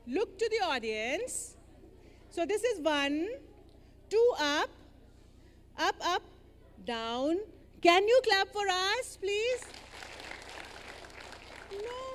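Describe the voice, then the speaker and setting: A woman leading children through an interactive story, animated and coaxing as she gives playful directions. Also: very high voice, long reverb tail, a little hiss or hum.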